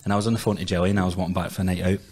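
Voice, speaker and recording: A young Glaswegian man hosting a podcast, chatty and teasing, quick to laugh. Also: deep voice, little pitch movement, a little mellow, slight background noise. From Scotland. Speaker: podcast host. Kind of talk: casual podcast chat.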